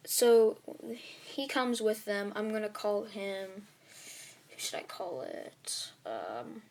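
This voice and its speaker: A woman's voice: mid-range voice, sing-song, takes it slowly, a little mellow, slight background noise. A woman casually telling a fan story to her viewers, rambling with lots of fillers. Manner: rambling, filler-heavy retelling.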